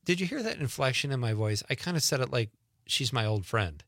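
A man's voice: mid-range voice, animated, brisk, fairly bright tone, dry recording, clean studio sound. Chatty man hosting a radio show. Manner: chatty, rambling, self-deprecating asides. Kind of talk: casual radio chat. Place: radio studio. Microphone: studio microphone.

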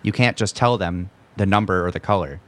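A relaxed man walks through a board game in plain, matter-of-fact chat with a dry streak. His voice sits on the low side. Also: fairly quick. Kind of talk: casual chat.

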